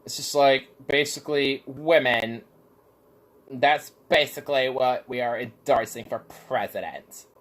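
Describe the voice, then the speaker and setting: A man's voice: mid-range voice, measured pace, a bit bright. A man in a casual rant, rambling and cursing, packing his talk with "like". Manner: profane, rambling, heavy use of filler "like".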